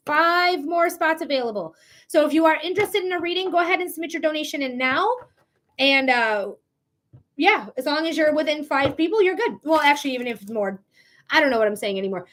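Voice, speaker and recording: A woman's voice: sits high, fairly bright tone. A woman hosting a live psychic reading stream, chatting casually in a blunt, profane way with frequent laughs. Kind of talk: casual livestream chat.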